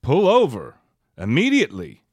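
A man's voice: medium pitch, wildly swooping pitch, normal speed, a little mellow, slightly rough, no echo, studio quality, voice pushed up. A man voicing the male narrator of an old driver's education film, in a stiff instructional announcer delivery. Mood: instructive.

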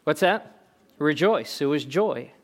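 A man's voice: fairly high pitch, lively intonation, takes it slowly. Man preaching an emphatic sermon. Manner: emphatic, conversational preaching with rhetorical questions. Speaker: pastor.

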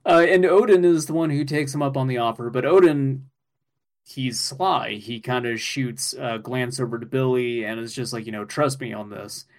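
A man co-hosts a casual podcast, excitedly recapping an anime episode while swearing and laughing along the way. His pitch is medium and his pace normal.

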